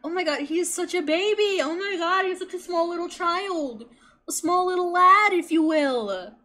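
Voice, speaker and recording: A young woman streaming a game, chatting casually, swearing and excitable. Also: very high-pitched, moderate pace. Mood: squealing. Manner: excitable, swears a lot, laughs, squeals. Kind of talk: gameplay commentary.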